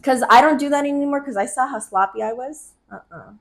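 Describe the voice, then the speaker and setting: A woman in her twenties co-hosting a podcast, telling stories in an animated way with frequent laughter. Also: high voice, brisk. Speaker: podcast co-host. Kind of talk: casual chat.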